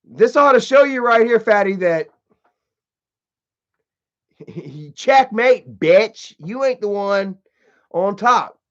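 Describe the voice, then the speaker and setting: Male live streamer, high voice, aggressive profane rant, muffled low-fi stream audio. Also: fairly bright tone.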